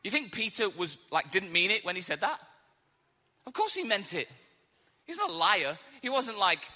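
A man's voice: high voice, normal speed, long reverb tail. A man preaching a sermon, telling stories animatedly and acting out the quotes. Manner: animated storytelling with acted-out quotes.

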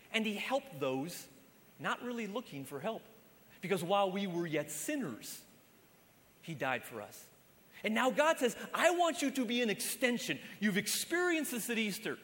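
A man preaching a sermon as pastor, impassioned and swinging between loud emphasis and hushed lines. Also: extremely high pitch. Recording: long hall reverb.

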